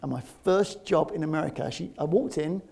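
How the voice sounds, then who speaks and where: The speaker is a man in his fifties from London, sharing a personal story as an interviewee. He's animated and laughs often, talking a little quickly in a slightly high, creaky, gravelly voice with a London accent.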